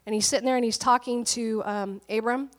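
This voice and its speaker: Chatty woman pastor with a high voice. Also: steady tone, fairly quick, long reverb tail. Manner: chatty storytelling, laughs often. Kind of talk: conversational sermon.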